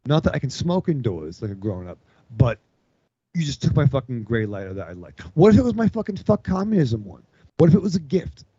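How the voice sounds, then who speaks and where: A podcast co-host with a medium-pitched, mellow, slightly rough voice tells a long, profanity-filled story, talking fairly quickly with big swings in pitch. He acts out other people's lines, and the audio is dull and dry.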